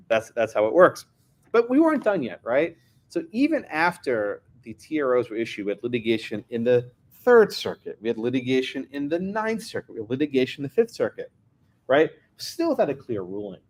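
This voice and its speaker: Lively man telling courtroom stories. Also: medium pitch. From New York. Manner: lively anecdotal, wry asides. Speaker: lawyer and guest speaker. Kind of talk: lecture with storytelling.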